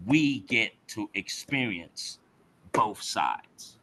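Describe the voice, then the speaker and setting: A man in casual podcast talk, an animated storyteller who uses slang and acts out other people's voices. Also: on the low side, very slow, a little hiss or hum. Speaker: podcast guest. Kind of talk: casual chat.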